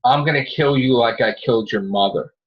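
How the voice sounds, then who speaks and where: A man briefly putting on the voice of a menacing, abusive father who has possessed a monster, dropping his pitch into a threatening growl. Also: brisk, breathy edge, lo-fi sound, lightly acted.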